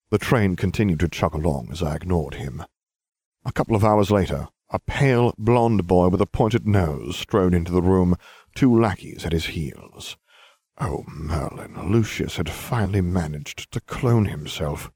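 A man's voice: deep voice, unhurried, darkish tone, slightly rough, no echo. A man reading first-person fiction aloud with dry, wry narration. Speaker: audiobook reader.

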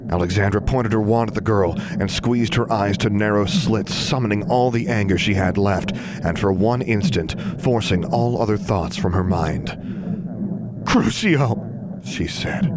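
A man narrating a story in a steady, even reading voice. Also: on the low side, very noisy. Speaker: audiobook narrator. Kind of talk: scripted narration.

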